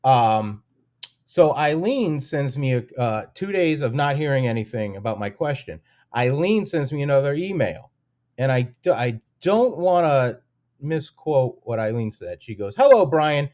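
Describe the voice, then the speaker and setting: A man's voice: medium pitch, animated, unhurried, darkish tone. A man co-hosting a casual podcast, telling a frustrated story with lots of swearing and acting out both sides of his phone calls. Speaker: podcast co-host. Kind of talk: casual chat.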